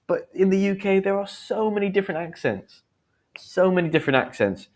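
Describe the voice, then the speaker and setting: A man's voice: high-pitched, sing-song. Chatty English teacher in his thirties. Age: 30s. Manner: chatty, explains slang with quick examples and acted lines. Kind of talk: live-streamed English lesson.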